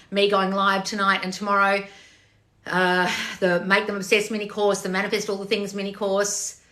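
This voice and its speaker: A woman with a mid-range, sharp-toned voice reads comments during a blunt livestream chat. As a manifestation coach, she scolds her viewers bluntly with exasperated tough love and plenty of swearing.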